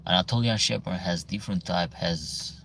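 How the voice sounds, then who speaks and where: An Albanian man hosts a relaxed livestream Q&A, reading out viewer comments and answering in halting, broken English with an Albanian accent. His voice sits low and is creaky with a fairly bright tone, and there's a little hiss or hum.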